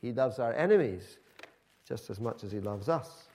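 A man's voice: medium pitch, lively intonation, normal speed, darkish tone. A man preaching a sermon in a conversational, emphatic storytelling manner.

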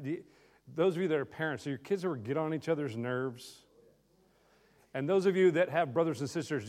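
A man's voice: medium pitch, a little mellow. Man telling a story to a congregation. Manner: conversational, with frequent ums and direct questions to the listeners. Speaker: visiting speaker addressing a congregation. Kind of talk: storytelling talk to a live audience.

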